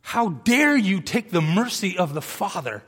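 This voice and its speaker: Male preacher, high-pitched voice, fired-up and emphatic, long hall echo. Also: sing-song, unhurried, fairly bright tone, slightly rough. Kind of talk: sermon.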